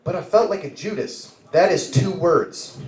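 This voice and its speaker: A man's voice: on the high side, expressive, a little slow, darkish tone. A man in his thirties doing a stand-up comedy set, rambling and laughing at his own jokes. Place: bar stage, live open mic. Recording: roomy bar with echo.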